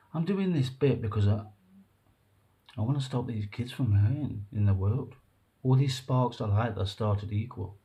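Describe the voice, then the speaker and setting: A man talking to camera in an emotional, rambling monologue, halting and earnest, breaking off and restarting. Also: mid-range voice, warm tone. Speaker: vlogger.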